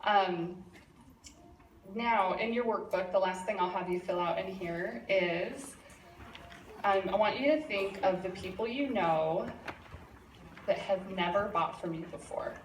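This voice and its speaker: A woman's voice: mid-range voice, a little slow, long pauses, distant mic. Chatty woman trainer in echoey room. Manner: chatty, encouraging, with fillers. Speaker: sales trainer. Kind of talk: live workshop presentation. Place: presentation room. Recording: echoey room from afar, audible noise.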